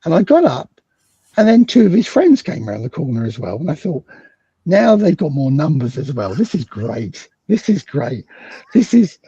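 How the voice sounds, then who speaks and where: A middle-aged British man recounts a story on a remote call and acts out every line of quoted dialogue. His voice swoops from low to high, and it is raspy with a dark, mellow tone. The sound is dry and muffled, like lo-fi video-call audio. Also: sing-song, normal speed, dry recording. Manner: acts out quoted dialogue with big swings in pitch. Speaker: guest psychologist. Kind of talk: animated storytelling in a conversation.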